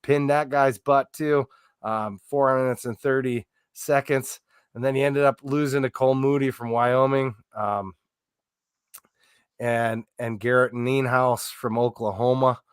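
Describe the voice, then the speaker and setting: A man's voice: mid-range voice, steady tone, a little slow, clean tone, dry recording, studio quality. A man co-hosting a casual sports podcast, telling stories in a rambling way with lots of fillers and restarts. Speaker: podcast co-host.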